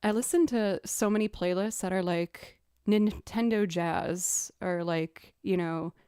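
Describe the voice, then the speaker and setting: A young woman musician chatting casually as she builds a music loop, thinking out loud and making fun of her own mistakes. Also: fairly low pitch, a little slow, smooth, no echo, clean studio sound. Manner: chatty, thinks aloud, self-deprecating. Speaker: musician streamer. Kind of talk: casual chat while producing music. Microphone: studio mic.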